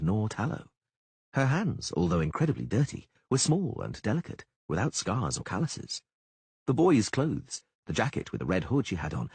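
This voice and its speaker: Husky man narrating an audiobook. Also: fairly low pitch, no room sound. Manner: expressive storytelling.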